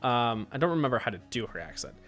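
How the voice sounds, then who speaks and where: A man's voice: mid-range voice, big pitch swings, fast, fairly bright tone, faint music behind. A young man streaming a game, making casual commentary with swearing and joking asides.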